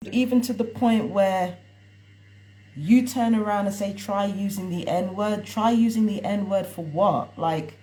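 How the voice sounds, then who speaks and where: A woman's voice: mid-range voice, a little slow, dark tone. A woman talking casually on a live stream from home, rambling and exasperated as she vents. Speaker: tarot reader and vlogger. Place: at home indoors.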